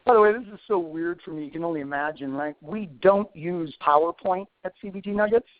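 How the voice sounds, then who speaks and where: A man's voice: on the high side, brisk, no echo. A man in his forties, an instructor answering questions in a live webinar, chatty with self-deprecating asides. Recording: tinny phone-like dry sound.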